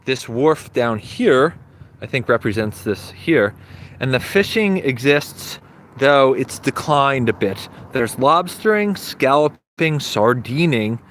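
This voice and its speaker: A man's voice: medium pitch, slight background noise. A man giving a casual, chatty livestream tour outdoors in a small seaside village, talking into a handheld phone. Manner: unhurried, chatty, trailing off between phrases. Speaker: live-streaming travel vlogger.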